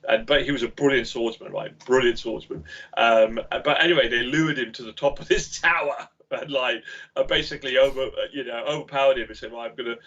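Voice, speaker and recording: A man, a games company founder, talking as a guest in a casual podcast interview over a video call, an animated storyteller who acts out voices. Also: mid-range voice, a little fast. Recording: dull lo-fi video call audio.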